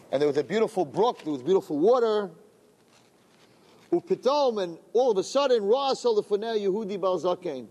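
A man's voice: a little high, dark tone. A man telling a religious story to a gathering, often repeating phrases and glossing Hebrew terms in English. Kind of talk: storytelling talk.

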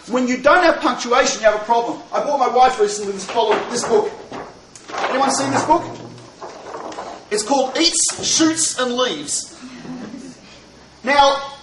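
High-voiced man lecturing in an echoey hall. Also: a bit bright, recorded from a distance, slight background noise. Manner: joking, full of rhetorical questions. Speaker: Torah teacher. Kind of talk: lecture to a live audience.

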